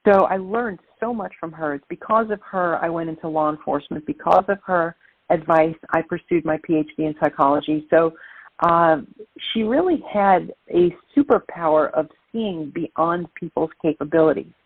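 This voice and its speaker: A middle-aged woman from Brooklyn, a guest telling lively stories in an interview. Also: on the low side, normal speed, husky, dry recording. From Brooklyn, New York. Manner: lively, animated storyteller. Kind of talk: interview storytelling. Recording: tinny phone-like line.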